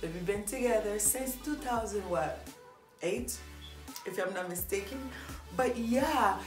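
A woman's voice: medium pitch, a little slow, over music. Woman in her thirties, Ivorian French accent, upbeat casual vlog chat, roomy echo. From Ivory Coast. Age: 30s. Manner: upbeat, chatty, laughing often. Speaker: vlogger. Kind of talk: casual get-to-know-me vlog.

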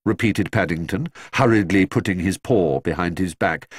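A man narrating a children's storybook in an expressive, lilting reading voice. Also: low-pitched, moderate pace, few pauses, dry recording, clean studio sound. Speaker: audiobook narrator.

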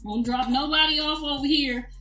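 A woman's voice: high voice, fairly even intonation, moderate pace, bright, forceful tone. A middle-aged woman hosting a casual livestream chat, blunt and profane, laughing often. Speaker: show host. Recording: echoey room, distant mic, faint music.

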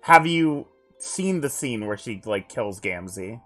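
A man's voice: fairly low pitch, animated, takes it slowly, fairly bright tone, soft background music. A man streamer reading a text adventure aloud on stream, breaking off for joking asides between passages of narration.

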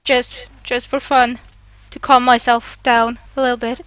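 A woman from Norway playing a co-op video game, panicking and shrieking with excitement. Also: on the high side, unhurried, no room sound. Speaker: gamer. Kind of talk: let's play co-op commentary.

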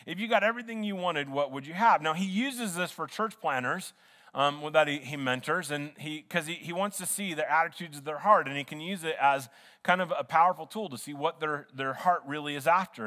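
A man's voice: on the high side, sharp tone. A man preaching a sermon as pastor in a church, earnest and conversational, often restarting his sentences. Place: church sanctuary. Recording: long hall reverb in a church.

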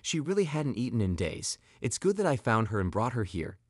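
A man's voice: medium pitch, big pitch swings, brisk, husky, no echo, studio quality. A man voicing a wealthy lawyer in his seventies who speaks in a self-assured, kindly way. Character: wealthy old male lawyer, confident and kind.

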